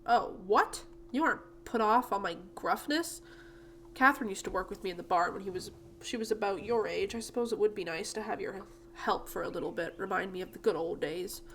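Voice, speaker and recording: Woman putting on a gruff bitter old farmer. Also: mid-range voice, a little fast, slight background noise, lightly acted. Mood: softening. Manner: loud and curt. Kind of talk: reading game dialogue aloud.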